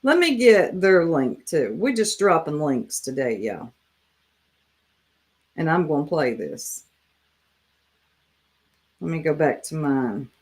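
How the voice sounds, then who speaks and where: A woman's voice: low-pitched, very animated, slow pace, long pauses, darkish tone, breathy edge. A woman hosting a casual live reaction stream, chatting and talking straight to her viewers. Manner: chatty, addresses viewers directly.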